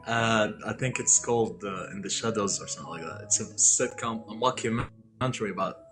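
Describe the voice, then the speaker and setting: A man co-hosting a casual live stream chat, giggly and excitable. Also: on the low side, fairly quick, over music.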